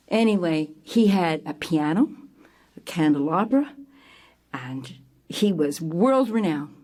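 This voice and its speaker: An older woman telling a personal story to an audience, lively and animated, acting out scenes with sudden jumps in pitch and loudness. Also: slow pace, pauses often. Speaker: theater company founder telling her story.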